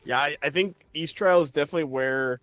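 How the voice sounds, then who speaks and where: A man's voice: on the high side, fast talker, fairly bright tone, dry recording, soft background music. A man commentating a speedrun race in a rambling, self-mocking way. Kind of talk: casual game commentary.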